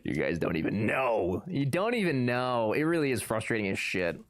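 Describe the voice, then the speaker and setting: A young man streams and banters with his chat in a loose, joking way. His pitch leaps up and down as he gets playfully worked up, though his voice usually sits at an ordinary middle height. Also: big pitch swings, normal speed. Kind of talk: casual chat reading live chat.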